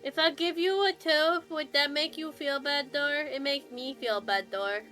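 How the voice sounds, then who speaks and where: A woman's voice: high voice, a little slow, bright, forceful tone, pitched above the performer's own voice. A woman voicing an odd, childlike male creature who collects teeth and talks in broken, simple grammar. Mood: blunt childish. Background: background music.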